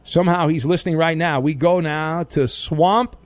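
A man's voice: fairly high pitch, steady tone, normal speed, no room sound. Dry, playful sports radio host, a man. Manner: playful, teasing, bursts into mock outrage. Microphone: studio microphone.

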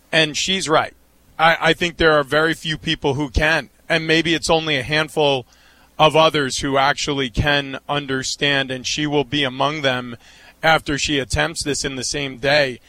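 Man, fairly high, very bright and forceful voice, emphatic sports talk. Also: fairly even intonation, moderate pace.

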